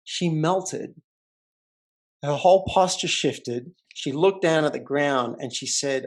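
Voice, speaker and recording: A man's voice: a little high, slow. A man, a life coach, telling a story as the guest in a casual remote interview. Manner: animated, vivid storyteller. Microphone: remote call.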